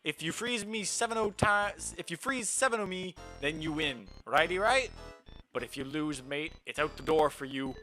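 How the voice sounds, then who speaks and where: A man's voice: a little high, moderate pace, pushed and bright, soft background music. A man voicing a cocky, taunting male ghost who collects jars, in a put-on mock Irish brogue. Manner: swaggering, teasing, theatrical.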